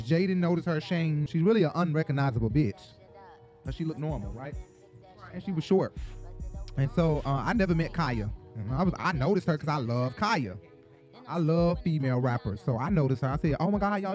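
A man from Atlanta, hosting an entertainment gossip show in a chatty, profane, animated storytelling manner. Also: on the high side, fairly quick, soft background music. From Atlanta, Georgia. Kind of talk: casual gossip commentary.

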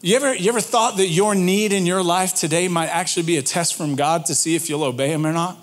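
A pastor delivers a conversational sermon in a notably high male voice. He is animated, tosses questions to the congregation and often repeats a word as he restarts a thought. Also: quick pace.

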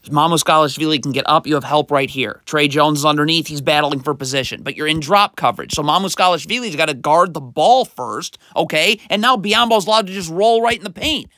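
A man with a high, bright voice talks through game footage like a coach. He is exasperated and critical. The sound is dry and close with no room echo. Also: fairly quick, few pauses. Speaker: basketball film analyst. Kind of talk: film breakdown commentary.

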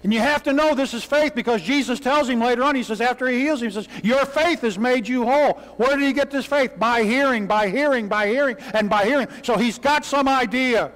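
A man's voice: extremely high pitch, fairly quick, hardly any pauses, a bit bright. A man preaching a sermon in a church, telling the story dramatically and crying out the lines of the people in it. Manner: dramatic storytelling preacher who acts out cries. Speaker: pastor. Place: church sanctuary. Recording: long hall reverb.

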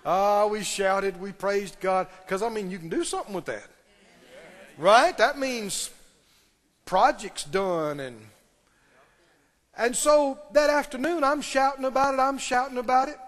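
A man delivers a sermon in a notably high voice, pressing his points by repeating them and asking the congregation direct questions. His voice rings with the long reverb of a large meeting hall. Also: unhurried. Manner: emphatic, repeating key phrases and questioning the audience. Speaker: pastor.

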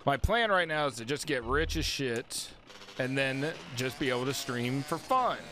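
A man streaming a game live, excitable and full of swearing and sudden yelps. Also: medium pitch, moderate pace, slight background noise. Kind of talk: live gameplay commentary.

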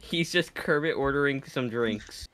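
A man's voice: medium pitch, unhurried, a bit bright. A man streaming a game, chatting casually with friends and laughing easily. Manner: laid-back, laughs easily. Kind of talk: casual voice chat while gaming.

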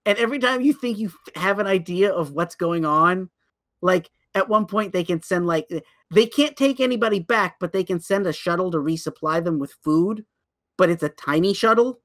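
A man's voice: high-pitched, normal speed. A man co-hosting a podcast, casually and animatedly retelling a series with lots of restarts. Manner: animated storyteller, many restarts. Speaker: podcast co-host. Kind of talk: casual chat.

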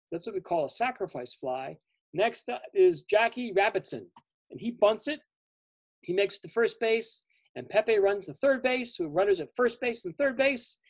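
Man, children's author, storytelling, lively, simple explanations, dry close sound. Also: sits high, no echo. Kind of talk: storytelling to families. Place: library event.

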